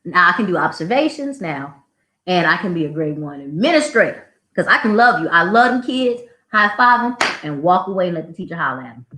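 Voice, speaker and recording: A woman who works as a school administrator, hosting a casual show and telling stories in a snarky, animated way. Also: lowish voice, brisk. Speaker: podcast host, school administrator. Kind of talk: casual storytelling. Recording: roomy echo.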